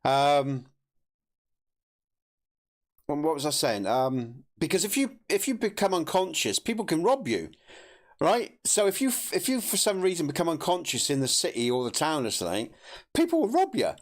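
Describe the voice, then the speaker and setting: A man's voice: a little high, very animated, normal speed. A man giving casual gameplay commentary, chatty, laughing often and self-deprecating. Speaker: gameplay streamer.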